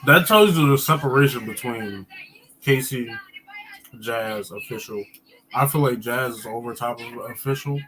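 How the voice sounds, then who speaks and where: A man co-hosting a podcast, giving calm, short, measured remarks in casual chat. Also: medium pitch, slight background noise, low-quality recording. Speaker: podcast co-host.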